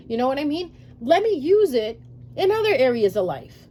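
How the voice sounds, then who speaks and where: A woman's voice: high voice, sing-song, fairly quick, darkish tone, a little hiss or hum. A woman vlogging spiritual advice to her subscribers, emphatic and repetitive, speaking straight to her viewers. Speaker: spiritual YouTuber.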